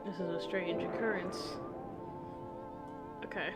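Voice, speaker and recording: A woman's voice: fairly low pitch, steady tone, measured pace. A woman streamer rambling and muttering to herself in casual live gameplay chatter, with some casual swearing, at a home streaming setup. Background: game music.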